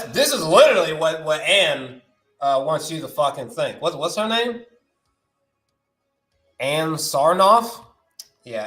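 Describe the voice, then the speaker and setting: Excitable, profane young man in an echoey room. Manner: excitable, profane, slangy, voice jumping high when worked up. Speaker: movie news host. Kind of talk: animated live-stream rant.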